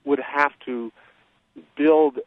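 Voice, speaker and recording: A man being interviewed as an expert, explaining at a measured pace with many fillers and restarts. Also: on the high side, steady tone, dry recording. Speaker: guest expert on childhood trauma. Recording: tinny phone-line sound.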